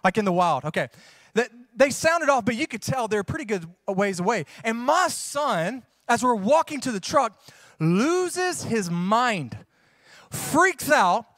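A man's voice: very high-pitched, sing-song, measured pace, a bit bright, no room sound. A man, preaching a sermon as a pastor, folksy and joking as he tells stories, then preaching with rising fervor.

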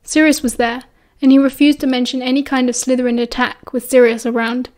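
Casting: British woman, audiobook narrator, high voice, expressive and steady. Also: brisk. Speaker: audiobook reader.

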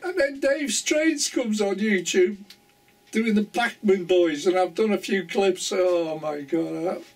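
A man's voice: high voice, slow, creaky, distant mic. An older man chatting casually to camera about his model railway, rambling and chuckling often.

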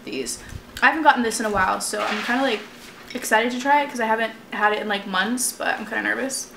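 Young woman, eating vlog at home, higher voice, chatty and filler-heavy, echoey room with household noise behind. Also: fast, creaky, a bit bright. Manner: chatty, peppered with "like" and "literally". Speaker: mukbang vlogger. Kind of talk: casual eating chat to camera.

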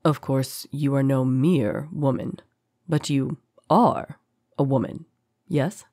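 A woman puts on a deep-voiced male rebel leader for a fantasy audiobook. He speaks low, quiet and slow, smooth and courtly with a cold threat. The recording is dry and close. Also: animated, dry recording, exaggerated voice. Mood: eerily calm. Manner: smooth, courteous, soft-spoken.

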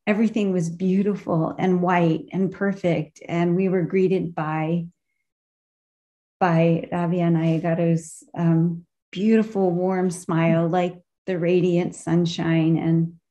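A woman sharing a heartfelt personal memory at a memorial gathering, pausing often to search for her words, heard over a video call. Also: on the low side, level tone, mellow, lo-fi sound.

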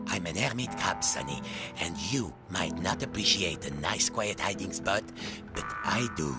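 A gravelly grumpy hermit crab. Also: male voice, lively intonation, moderate pace. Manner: cranky, scolding, swooping pitch. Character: rude grumpy old male hermit crab. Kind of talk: game narration acting. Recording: game audio with music behind.

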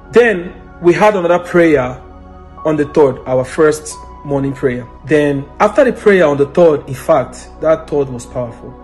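A man giving an earnest, emotional spoken testimony, now and then bursting into loud praise. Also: mid-range voice. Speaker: testimony giver.

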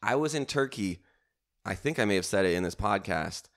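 A man with a notably deep, low voice hosts a comedy podcast on his own. He talks in a loose, rambling way, swearing freely and poking fun at himself between lots of ums and likes. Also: animated, brisk. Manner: swearing, self-mocking storytelling with lots of fillers. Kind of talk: casual rambling podcast monologue.

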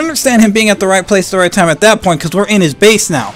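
Excitable young man ranting over gameplay. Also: high-pitched, fast talker, few pauses, soft background music. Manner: excitable, swings between hype and frustrated ranting. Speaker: gaming channel host. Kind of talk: live gameplay commentary.

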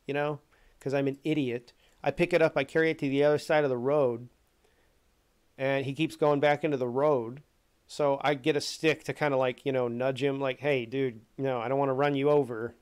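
A man ranting on a livestream, swearing freely and acting out scenes as he goes. His voice sits a little on the high side. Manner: profane, animated storytelling. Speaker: streamer. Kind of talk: casual rant.

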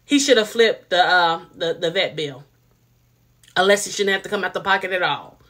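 A woman's voice: fairly low pitch, lively intonation, normal speed, a bit bright. A woman reviewing a TV show in a casual, blunt and opinionated way, talking straight to her viewers. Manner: chatty, addresses viewers directly.

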